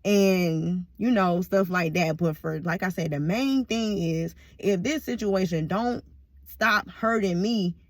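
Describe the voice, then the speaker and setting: A woman's voice: medium pitch, creaky, no room sound. Profane, rambling woman vlogger. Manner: rambling, profane, laughs often. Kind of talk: casual monologue to camera.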